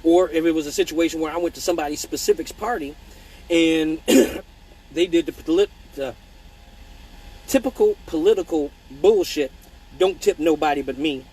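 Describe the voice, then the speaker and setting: With a high-ish, slightly rough voice at a moderate pace, an exotic dancer answers viewer comments on a casual livestream, reading them aloud. He swears freely and tells blunt, animated stories, and the audio is poor.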